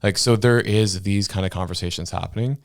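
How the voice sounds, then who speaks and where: A man co-hosting a podcast, explaining ideas in a relaxed, casual way and laughing often. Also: lowish voice, a little fast, dry recording, studio quality. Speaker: podcast co-host. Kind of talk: casual political chat.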